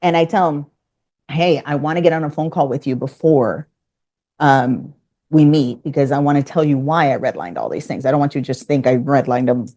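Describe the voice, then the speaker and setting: A woman's voice: rumbling low, brisk, dark tone. A woman guest telling a business story in casual conversation, acting out both sides of the dialogue. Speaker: podcast guest.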